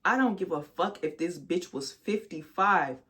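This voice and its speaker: A young woman telling a personal story on her vlog, talking frankly and with lots of swearing, speaking straight to her viewers and sometimes bursting into loud, high outrage. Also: unhurried. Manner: candid, profane storytelling that addresses viewers directly. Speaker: vlogger.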